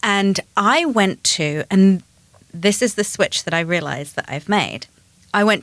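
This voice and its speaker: A woman co-hosting a podcast, telling a personal story in quick, animated bursts. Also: mid-range voice, dry recording. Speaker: podcast co-host. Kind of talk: casual chat.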